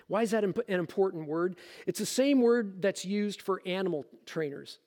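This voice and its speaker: A man preaching a sermon as a pastor, explaining scripture in a lively, casual, joking way. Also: high-pitched, moderate pace, big-room sound.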